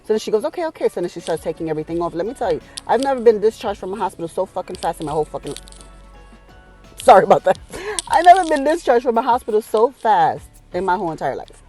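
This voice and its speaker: A woman's voice: mid-range voice, sing-song, dark tone, soft background music, low-quality recording. Woman candidly telling a heated story. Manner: candid, heated retelling with swearing; emotional, pausing to collect herself. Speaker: vlogger. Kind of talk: casual storytelling vlog.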